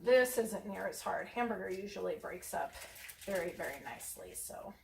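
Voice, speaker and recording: A woman's voice: mid-range voice, lively intonation, moderate pace, creaky, a little mellow, far from the mic, a little hiss or hum. A woman hosting a home cooking vlog, talking casually and rambling with lots of ums as she works in her kitchen. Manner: chatty, rambling, many ums. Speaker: cooking channel host. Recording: echoey room, voice away from mic.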